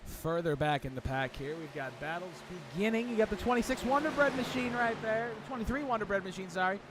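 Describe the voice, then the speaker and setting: A man calling sim truck racing play-by-play in an energetic, chatty manner. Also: high-pitched, a little fast, background noise. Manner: energetic, chatty, builds hype at the start. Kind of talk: play-by-play race commentary.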